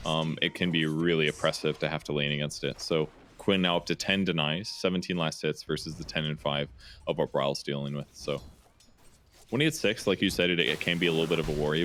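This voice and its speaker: A man with a Midwestern accent giving relaxed, analytical esports commentary on a headset, with plenty of filler words. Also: extremely low pitch, a little fast, a little hiss or hum. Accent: American Midwestern. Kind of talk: play-by-play analysis.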